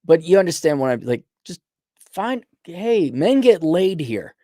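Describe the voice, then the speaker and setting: A man's voice: fairly high pitch, very animated, a little slow, mellow, no echo, studio quality. A man hosting a casual rant show, answering a viewer's letter in a blunt, profane, rambling way with lots of restarts. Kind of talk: casual ranting commentary.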